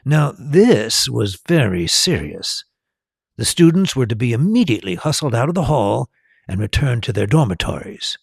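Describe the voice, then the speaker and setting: A man narrating a story slowly and with animation, as a storyteller and tour guide. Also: mid-range voice, very animated, creaky, husky, dry recording, clean studio sound.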